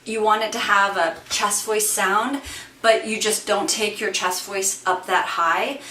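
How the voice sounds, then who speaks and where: A woman singer and voice teacher talks through her vocal range in a relaxed, thinking-aloud way, full of "like" and "sort of". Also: medium pitch, a little slow. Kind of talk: casual vocal demonstration. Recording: echoey room, distant mic, faint hiss.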